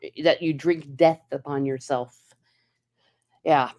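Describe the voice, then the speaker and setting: A woman hosting a casual chat, talking quickly and emphatically and laughing often. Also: low-pitched, fairly even intonation, a little mellow. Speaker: podcast host.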